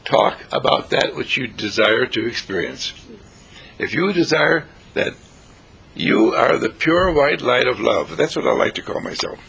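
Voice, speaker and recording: A spiritual radio host gives a rambling inspirational talk, repeating phrases with theatrical flair and breaking into snatches of song. His voice is bright and forceful but deeply raspy, with gravelly fry at the bottom, and his pitch leaps and swoops very lively at a measured pace.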